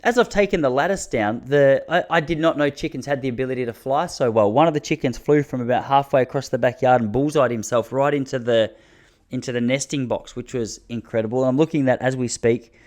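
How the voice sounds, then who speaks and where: A man's voice: mid-range voice, quick pace, darkish tone. A man in his thirties with an Australian accent, hosting a podcast in a rambling, casual solo monologue full of slang. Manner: rambling storytelling with slang and restarts. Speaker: podcast host.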